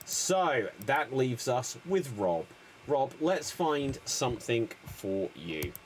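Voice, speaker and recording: Lively-voiced male improv host. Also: medium pitch, slow, slight background noise. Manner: lively, addresses audience. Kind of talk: live show hosting.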